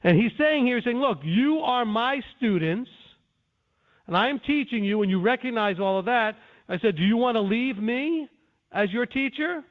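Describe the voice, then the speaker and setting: A man's voice: extremely high pitch, expressive, normal speed. A man teaching scripture in an earnest, defensive lecturing way, with frequent restarts. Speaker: Bible teacher. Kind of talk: conference-call teaching. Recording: tinny phone line.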